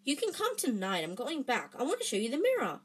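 A woman voicing a young boy wizard, earnest and longing, speaking in an urgent, hushed way. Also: high voice, huge pitch swings, brisk, breathy edge, pitched above the performer's own voice, heavily acted. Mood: eager.

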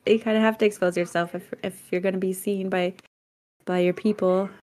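A woman's voice: mid-range voice, fairly quick. A woman co-hosting a podcast, chatting casually and acting out the people in her stories. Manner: animated storyteller who acts out quotes. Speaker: podcast co-host. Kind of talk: casual chat.

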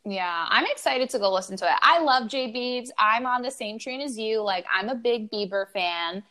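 A woman's voice: a little high, lively intonation, moderate pace, bright, forceful tone. A young woman co-hosting a podcast, chatting casually and gushing with enthusiasm, sprinkling in "like" and "literally". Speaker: podcast co-host. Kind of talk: casual chat.

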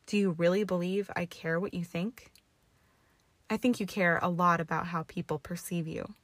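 A woman reads a cruel, arrogant young wizard who taunts with a cold drawl, set in a lowish register. The delivery is dry and close, with no room around it. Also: steady tone, normal speed, no echo. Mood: taunting.

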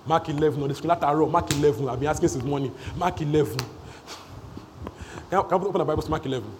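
A man preaching a sermon in church. He repeats phrases for emphasis and swings between shouting and hushed asides. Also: on the high side, racing, slight background noise. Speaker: pastor.

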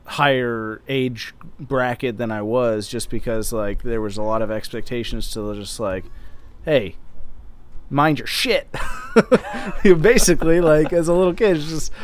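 A man's voice: medium pitch, fairly even intonation, moderate pace, slight background noise. Rambling, hesitant young man. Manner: rambling, hesitant, laughs often. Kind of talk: casual chat.

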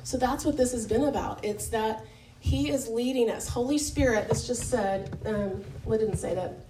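A woman's voice: on the high side, normal speed, warm tone, a little hiss or hum. A woman leading a Bible study in a church meeting room, talking in a candid, conversational way with many fillers and self-corrections. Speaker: women's Bible study leader. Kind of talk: informal devotional teaching talk. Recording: echoey room, picked up from a distance.

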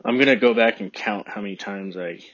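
A man from Texas hosting his podcast in a rambling, relaxed chat, with a phlegmy throat he keeps clearing. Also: lowish voice, fairly quick, muffled recording. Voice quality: phlegmy, husky. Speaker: podcast host. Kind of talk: casual solo podcast chat. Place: room by a window.

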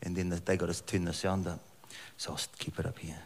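A middle-aged man preaching a sermon in a church hall on a handheld mic, joking and telling animated stories. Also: low voice, fast, husky. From New Zealand. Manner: jokey, animated storytelling with frequent laughs.

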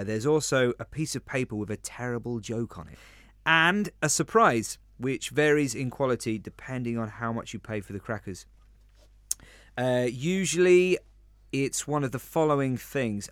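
A man's voice: medium pitch, a bit bright, clean tone, no room sound. Dry-humoured London podcast man. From England (London). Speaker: podcast co-host. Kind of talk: casual scripted podcast chat.

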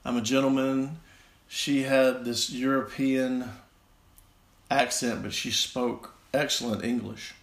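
Slow-talking Southern man in an echoey room. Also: mid-range voice, flat delivery, gravelly. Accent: Southern American. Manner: rambling, self-deprecating, halting with restarts. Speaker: storyteller. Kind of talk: casual personal storytelling.

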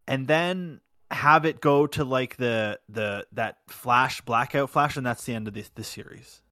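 Male co-host, blunt opinions, middle pitch, dead-dry recording. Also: a little slow, bright, forceful tone, no echo. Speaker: podcast co-host. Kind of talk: casual chat.

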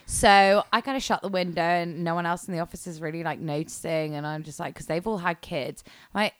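A woman's voice: on the low side, steady tone, a little fast, no room sound. A woman co-hosting a podcast, chatty and storytelling, swearing casually. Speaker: podcast co-host. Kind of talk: casual chat.

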